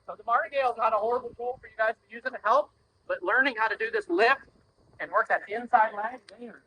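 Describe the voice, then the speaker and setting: A man's voice: extremely high pitch, expressive, fast talker, pushed and bright, a little hiss or hum, low-quality recording. A man working as a horse trainer, coaching bluntly while riding, swearing freely and acting out little voices to make his point. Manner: blunt, profane, acts out voices to explain. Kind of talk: coaching during a training session.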